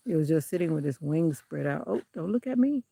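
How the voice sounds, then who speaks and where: A woman's voice: deep voice, lively intonation, fairly quick, creaky, dark tone, husky, dry recording. A woman vlogging casually while walking her dog outdoors on a country road, chatting and giving the dog firm commands. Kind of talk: casual walking vlog commentary.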